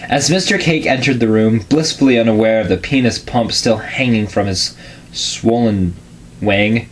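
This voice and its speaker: A man giving a deadpan, casual reading of a crude comedic fan story, with offhand asides. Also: fairly low pitch, moderate pace, slight background noise.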